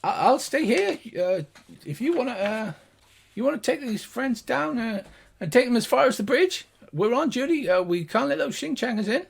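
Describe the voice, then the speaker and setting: A small, excitable gnome guard chatters away in a squeaky, high voice, tripping over his words, as a man puts him on. The voice leaps around in pitch. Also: moderate pace, gravelly, husky, exaggerated voice. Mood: chatty.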